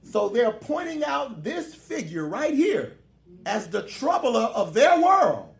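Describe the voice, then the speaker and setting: A man's voice: extremely high pitch, big pitch swings, slow pace, creaky. A man, a minister, preaching a lecture-style sermon with joking asides and call-and-response. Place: hall with a live congregation. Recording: echoey hall.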